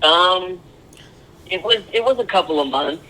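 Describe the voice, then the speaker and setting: A young man sharing his story as a podcast guest, earnest and halting, with frequent ums. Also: high-pitched, expressive, pushed and bright, low-quality recording. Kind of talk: candid personal interview.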